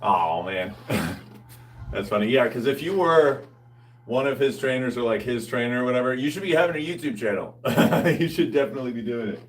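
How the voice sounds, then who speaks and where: A man's voice: mid-range voice, animated, fairly quick, distant mic. Laid-back guy, off-mic. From United States. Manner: laid-back, slangy, laughs often. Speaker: fitness vlogger. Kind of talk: casual chat answering live viewers.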